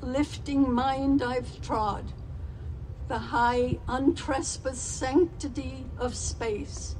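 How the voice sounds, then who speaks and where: A woman reciting a poem very slowly and reverently. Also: sits high, steady tone, a little mellow, slight background noise, poor audio. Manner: very slow, reverent. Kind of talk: solemn poem reading.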